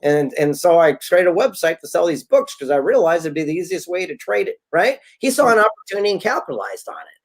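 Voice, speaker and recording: A man being interviewed as a guest author, telling stories in a casual, animated way and acting out the people he quotes. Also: sits high, fast talker. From Southern California. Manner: animated storyteller, acts out quotes.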